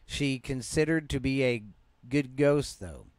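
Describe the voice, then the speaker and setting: Speaking at a measured pace, this podcast host has a mid-range, slightly mellow voice with no room sound. He's a Southern US man casually reading ghost stories, frequently tripping over words and starting again in a relaxed, yawning manner.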